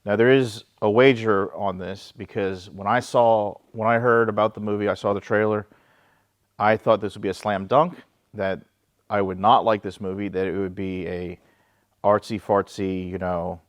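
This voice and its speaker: A man's voice: fairly low pitch, fairly even intonation, moderate pace, no echo. A man hosting a casual film discussion, talking in a wry, joking way with frequent restarts. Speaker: host.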